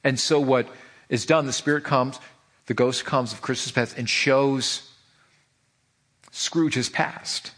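A man preaching a sermon to his church, animated and emphatic, firing off rhetorical questions. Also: mid-range voice, slow, pauses often. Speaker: pastor.

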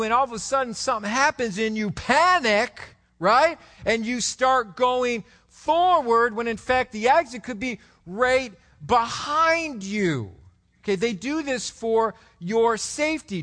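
High-voiced man preaching with emphasis. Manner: swings between loud emphatic preaching and low, quick storytelling. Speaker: pastor. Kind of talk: sermon.

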